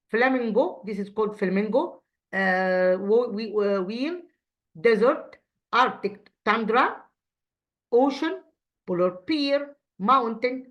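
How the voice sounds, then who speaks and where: An Egyptian woman teaching English as a second language. She talks at a middling pitch with many restarts and repeated words, checking her class with "okay?". The audio sounds a little dull and lo-fi. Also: fairly bright tone. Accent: Egyptian Arabic. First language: Arabic. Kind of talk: revision lesson.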